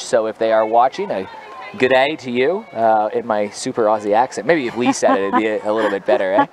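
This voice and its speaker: A man calls live softball play-by-play in a chatty, upbeat way, trading jokes with his co-hosts. His voice sits at an ordinary mid pitch. Faint outdoor ambience hums behind him. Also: slight background noise. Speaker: play-by-play commentator. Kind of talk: live sports commentary.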